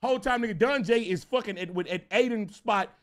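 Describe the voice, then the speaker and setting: A man telling a casual storytime, animated and profane, repeating himself as he goes. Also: high-pitched, a little fast. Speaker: storyteller vlogger.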